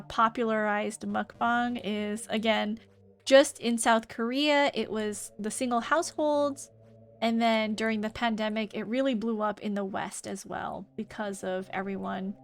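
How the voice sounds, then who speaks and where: A woman streamer with a light New Zealand tinge to her American speech, chatting casually and rambling with many fillers while reading and answering chat. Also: mid-range voice. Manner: rambling, lots of "like" and "um".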